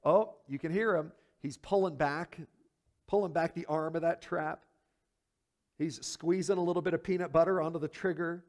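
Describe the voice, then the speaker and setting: A male pastor preaching a sermon in an animated, emphatic way, asking the congregation rhetorical questions and swinging between hushed low asides and loud high peaks. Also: normal speed.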